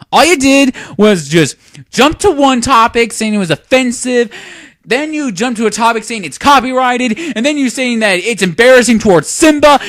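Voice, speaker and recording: A man's voice: extremely high pitch, fairly bright tone, dry recording, clean studio sound. A young man giving a lecturing, sarcastic commentary rant on a video. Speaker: YouTube commentator.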